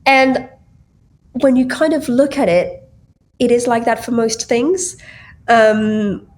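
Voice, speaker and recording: A woman's voice: fairly high pitch, slow pace, a little mellow, slight background noise. A woman guest on a podcast, chatting casually and lightheartedly, laughing often between many fillers. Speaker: guest, tech founder.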